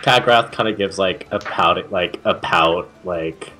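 A man playing a tabletop game, describing his character loudly and animatedly, faint music behind. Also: deep voice, measured pace. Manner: loud, animated, laughing. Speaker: player. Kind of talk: tabletop play. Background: faint background music.

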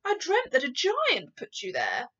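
A woman's voice: high-pitched, wildly swooping pitch, measured pace, pushed and bright, dull audio, heavily acted. A woman voicing a stunned queen who stammers in disbelief. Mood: commanding. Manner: stammering, shaky.

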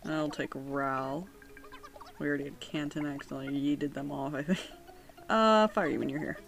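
A woman's voice: low voice, normal speed, vocal fry, slight background noise. A woman giving casual, joking commentary as she plays a video game, often laughing and reading game text aloud. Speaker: video game let's player.

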